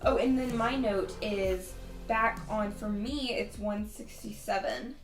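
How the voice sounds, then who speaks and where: A woman's voice: mid-range voice, slow pace, soft background music. A young woman co-hosting a casual book podcast, enthusiastic and reading her notes aloud. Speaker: podcast co-host. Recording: echoey room, distant mic, faint noise.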